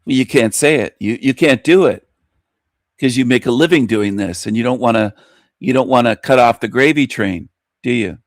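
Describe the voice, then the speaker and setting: A man's voice: mid-range voice, normal speed, no room sound, studio quality. A man hosting a reaction commentary, mocking and confronting the video he is watching. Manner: mocking, confrontational, talks back at the clip.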